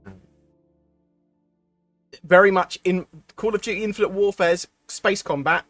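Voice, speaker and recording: A man's voice: high-pitched, a little slow, pauses often, a bit bright, dry recording, soft background music. Rambling man streaming live. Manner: rambling, thinks aloud with many ums and restarts. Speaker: streamer answering viewer questions. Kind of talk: casual live-stream chat.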